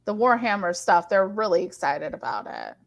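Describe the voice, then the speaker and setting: A woman's voice: mid-range voice, moderate pace. Chatty woman telling a story. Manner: animated storyteller, many restarts. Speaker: co-host. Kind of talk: casual chat.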